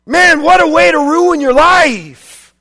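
A man from the United States preaching a sermon in a very high voice. He is animated, dropping to quiet asides and then rising to loud shouts. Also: takes it slowly.

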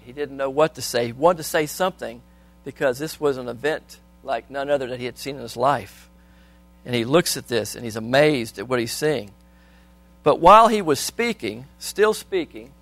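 A man with a mid-range voice preaches a sermon, reading scripture aloud and putting questions to the congregation. His volume swings between soft and loud.

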